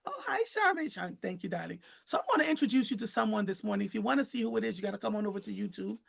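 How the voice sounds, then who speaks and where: Racing along at medium pitch with vocal fry and a slightly rough edge, a woman chats with her viewers and guests as host of a live online talk show. Her casual talk is animated and conversational, and she tends to repeat words as she starts each thought.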